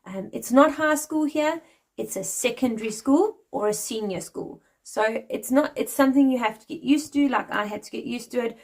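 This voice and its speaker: A woman's voice: on the high side, moderate pace, darkish tone. A woman in her forties from South Africa with a South African accent, explaining things in a friendly, chatty vlog and laughing lightly now and then. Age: 40s. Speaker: vlogger.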